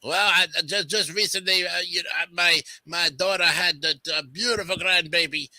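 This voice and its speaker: A man's voice: high voice, steady tone, normal speed, pushed and bright, no echo. A man putting on a brash old Italian-American grandfather from Little Italy with a New York Italian-American accent, talking boisterously and stammering.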